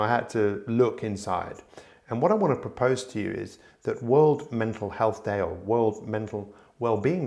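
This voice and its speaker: A man's voice: lowish voice, vocal fry, a little mellow. A middle-aged man hosting his own podcast, talking earnestly and reflectively to the listener with frequent restarts. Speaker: podcast host. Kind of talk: solo podcast monologue.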